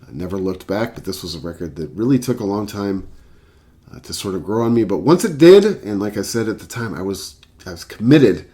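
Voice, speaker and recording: A man's voice: lowish voice, expressive, a little fast, mellow. A man telling a rambling anecdote and reviewing a record as a casual vlogger, with many fillers. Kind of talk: casual storytelling and album review.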